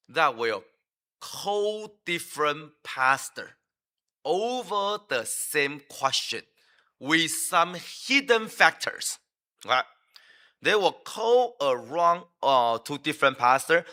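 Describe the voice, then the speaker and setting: A man's voice: fairly high pitch, sharp tone. A man preaching a sermon in a church, emphatic and full of rhetorical questions, with frequent fillers and restarts.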